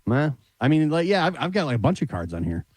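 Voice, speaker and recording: A man's voice: on the high side, big pitch swings, quick pace, a little mellow. A middle-aged man chatting on a radio show, enthusiastic about what he describes. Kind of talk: casual chat.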